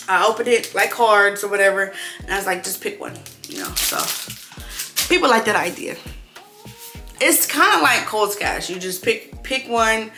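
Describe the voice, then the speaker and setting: A young woman running her own clothing brand, telling a casual vlog story in an animated way, swearing freely and acting out her own frustrated thoughts. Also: mid-range voice, echoey room. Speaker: clothing brand owner vlogging.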